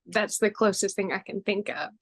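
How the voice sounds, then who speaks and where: A young woman talking as a client on a video call, soft-spoken and emotional, with nervous laughs. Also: medium pitch, moderate pace. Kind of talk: casual conversation.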